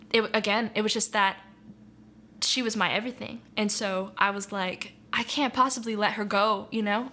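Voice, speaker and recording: Speaking in a medium-pitched, sharp-toned voice, a young woman relates her personal faith testimony as an interviewee. Her delivery is earnest, reflective and conversational, sprinkled with "like" and "you know," and there's slight background noise.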